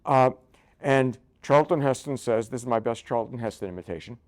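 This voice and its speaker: A man's voice: mid-range voice, moderate pace. An older man, a rabbi, giving a conversational Bible lecture full of jokes and asides, often checking in with "right?". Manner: joking, keeps asking "right?".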